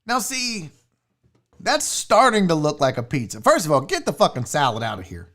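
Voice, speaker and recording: A man's voice: fairly high pitch, wildly swooping pitch, moderate pace, a bit bright. A young man hosting a show, ranting casually about food with rowdy, profane, mock-angry outbursts. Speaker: sports show host. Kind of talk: casual livestream rant.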